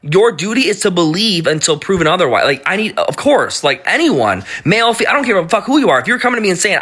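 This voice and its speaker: A man's voice: medium pitch, bright, forceful tone. A man in his thirties talking casually on a live stream, blunt and profane, often stumbling and restarting his sentences.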